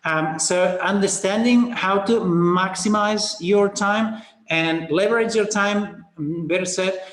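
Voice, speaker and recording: A man presenting a business coaching webinar, talking fast and casually with fillers and the odd swear word. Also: high-pitched, a bit bright, roomy sound. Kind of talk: energetic sales webinar talk.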